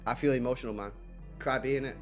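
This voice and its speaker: A man hosting a football reaction stream, animated and slangy, repeating himself as he talks. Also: medium pitch, fast talker, over music. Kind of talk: excitable live reaction chat.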